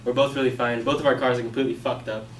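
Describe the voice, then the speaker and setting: A young man telling a personal story in a casual, animated way, acting out his own past lines. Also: medium pitch, racing, slight background noise. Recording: echoey room, mic from a distance.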